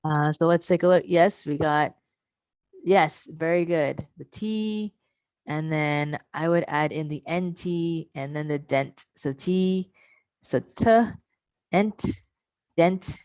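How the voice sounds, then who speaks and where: Woman, workshop trainer on a video call, low-pitched voice, methodical, models sounds slowly, dry mic. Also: darkish tone, no room sound. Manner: explains step by step, modeling sounds slowly and checking in with "right?". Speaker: workshop presenter. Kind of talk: online teacher-training workshop. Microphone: computer mic on a video call.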